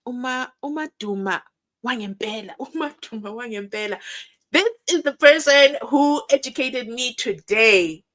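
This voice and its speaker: A young South African woman hosts a live stream, chatting and reading out viewer comments with lots of animation, acting out quotes and laughing often. Her voice sits a little high, and she speaks at a moderate pace.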